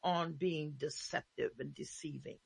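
A woman's voice: deep voice, unhurried, gravelly, breathy edge, no echo. A woman hosting a casual faith talk show, speaking emphatically and repeating her points.

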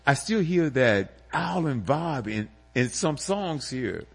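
A man's voice: mid-range voice, big pitch swings, slow pace, creaky, slightly rough. A man hosting a radio music show, bantering in a jokey, theatrical way and laughing easily. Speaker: radio host.

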